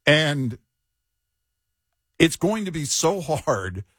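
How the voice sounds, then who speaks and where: A man's voice: a little high, big pitch swings, drawn-out words, fairly bright tone, husky, no room sound. A middle-aged man who co-hosts an overnight radio show, chatting casually with wry, dry humor. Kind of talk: casual chat.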